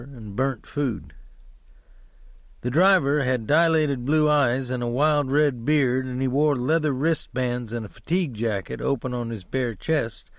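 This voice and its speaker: A man narrating a crime novel audiobook in a steady, measured, descriptive reading. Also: medium pitch, no room sound.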